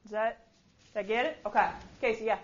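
A woman gives a conversational history lecture in a classroom, checking in with her students with a frequent "okay?". Her voice is a little high, steady and a little fast, captured in a slightly dull lo-fi recording with slight background noise.

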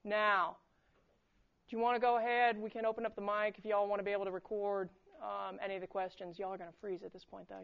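A woman's voice: mid-range voice, flat delivery, quick pace, creaky, fairly bright tone. Woman lecturing a class. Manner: conversational, keeps checking in with "okay?". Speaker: history lecturer. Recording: slightly dull lo-fi recording.

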